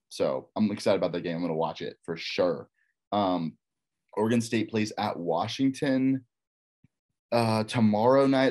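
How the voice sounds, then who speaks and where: Casting: man with a faint Texas accent, very deep voice, casual rambling sports talk. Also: a little mellow. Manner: rambling, repeats himself, frank opinions.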